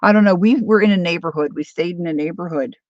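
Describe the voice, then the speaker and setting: A woman's voice: fairly low pitch, fast talker, no room sound, muffled recording. A woman hosting a casual crafting livestream, chatting and thinking aloud as she works and answering viewers. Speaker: craft channel host.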